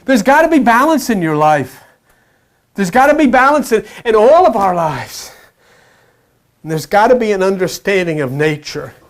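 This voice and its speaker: Preacher, impassioned sermon, blunt, earthy slang, repetitive, mid-pitched voice. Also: big pitch swings, moderate pace.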